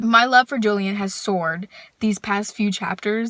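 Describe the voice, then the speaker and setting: A woman's voice: medium pitch, unhurried, fairly bright tone. A young adult woman casually vlogging about her reading, gushing and emphatic, full of fillers. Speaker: book vlogger.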